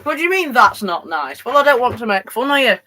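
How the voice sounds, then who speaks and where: A man's voice: very high-pitched, big pitch swings, fast talker, bright, forceful tone, low-quality recording. A teenage male host with a Yorkshire accent, chatting casually on a live stream and answering viewers' messages while running model trains. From Yorkshire, England. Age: teens. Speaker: livestream host.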